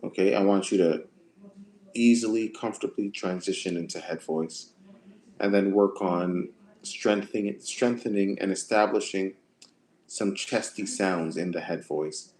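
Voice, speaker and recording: Slow-talking guy doing a vocal coaching livestream, kinda low voice, laid back, repeats stuff. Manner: relaxed, conversational, repeats himself. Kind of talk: livestream answering chat questions.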